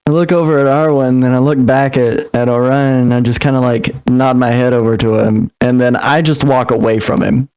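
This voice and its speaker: A man's voice: medium pitch, steady tone, fairly quick, hardly any pauses, darkish tone, clean tone, poor audio. Joking man playing a tabletop game. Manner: laughing, joking banter. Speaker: player. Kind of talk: tabletop role-play.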